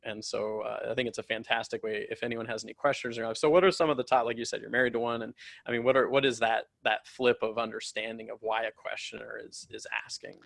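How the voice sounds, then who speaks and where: A man's voice: medium pitch, level tone, fast talker, gravelly, a bit bright, no room sound, studio quality. A man hosting an interview, asking long, rambling questions full of fillers. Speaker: podcast host. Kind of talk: casual interview chat.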